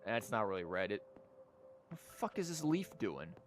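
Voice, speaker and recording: A man's voice: fairly low pitch, very animated, moderate pace, soft background music. A young man giving live game commentary in a sarcastic, rambling, profane way. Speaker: game streamer.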